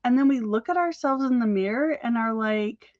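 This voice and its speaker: A woman giving an energetic, encouraging motivational talk as a business coach, talking fast. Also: fairly high pitch, no room sound, dull audio.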